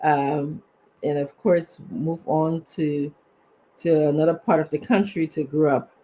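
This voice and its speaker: A man's voice: a little high, steady tone, measured pace, dark tone. A man, co-hosting a live show and reading out viewers' names, sometimes stumbling over them. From Liberia. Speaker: co-host.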